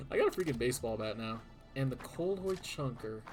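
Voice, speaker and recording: A man's voice: mid-range voice, lively intonation, moderate pace. A man giving live commentary while playing a video game, exclaiming, groaning and muttering at what happens on screen. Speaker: streamer. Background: game music.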